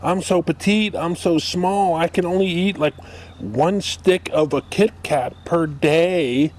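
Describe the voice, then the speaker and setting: A prissy, self-pitying petite woman whines in a high, simpering voice, as a man mocks her. The squeaky tone goes far above a man's usual range, and the delivery is whiny and exaggerated. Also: takes it slowly, a little mellow.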